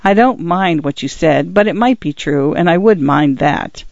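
Old pioneer grandfather, gentle, tired, slow, read by a man, dry and muffled. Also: fairly high pitch, expressive, creaky, dry recording. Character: proud old male pioneer, gentle and hurt.

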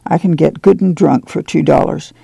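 A man reading as a gravelly, guilt-ridden old farmer. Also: a little high, moderate pace, dark tone, no echo, full character voice. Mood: sorrowful. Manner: sad, guilt-ridden drawl. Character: remorseful weary middle-aged farmer man.

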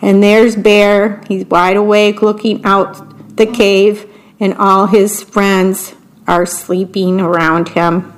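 A woman reading picture books aloud slowly and expressively, describing the pictures between the verses. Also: mid-range voice, level tone, poor audio. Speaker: storybook reader.

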